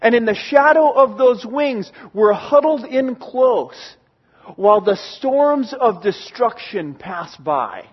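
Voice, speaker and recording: A man with a high, light voice preaches to his congregation in an earnest, emphatic way, circling back to key phrases again and again. The recording is dull and somewhat lo-fi, with the top end muffled. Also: lively intonation, takes it slowly, slightly rough. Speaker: pastor. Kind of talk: sermon. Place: church in Oregon.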